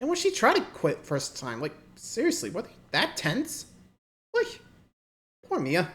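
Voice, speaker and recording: A woman hosting a reaction video, giving casual commentary with quick interjections and chatty asides. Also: a little high, wildly swooping pitch, fairly bright tone.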